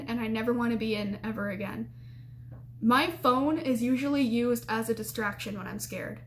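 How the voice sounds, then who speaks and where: A woman's voice: on the high side, a little hiss or hum. A young woman, a college student, telling a personal story casually, acting out what people said with laughs. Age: young adult. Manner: animated, quotes people in raised voices, laughs often.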